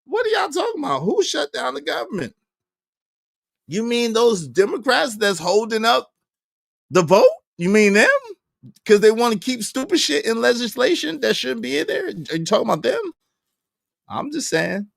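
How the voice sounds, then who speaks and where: Guy going off on his stream, lively up and down voice, dead dry sound. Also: extremely high pitch, normal speed, vocal fry, no echo. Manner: animated, heated, repetitive. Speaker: livestream host. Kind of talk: ranting livestream commentary.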